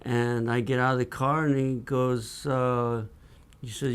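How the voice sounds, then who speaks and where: A man co-hosting a casual talk show, telling an anecdote in an animated way and putting on the voices of the people in it. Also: medium pitch, measured pace, clean tone. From California. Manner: animated storyteller who acts out the voices in his anecdotes. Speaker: co-host. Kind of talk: casual storytelling chat. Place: studio.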